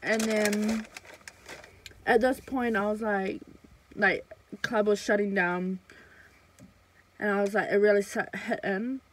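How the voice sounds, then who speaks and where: A woman's voice: mid-range voice, fairly even intonation, slow pace, pauses often, low-quality recording. Chatty young woman telling a story. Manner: chatty, full of fillers and swearing. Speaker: vlogger. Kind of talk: casual storytime chat.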